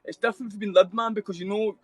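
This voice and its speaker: A man's voice: sits high, steady tone, very fast, slightly rough, no echo. A Scottish man telling his story as a guest on a live show, rambling and swearing, with constant fillers. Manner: rambling, heavy swearing, constant "mate" and "know what I mean".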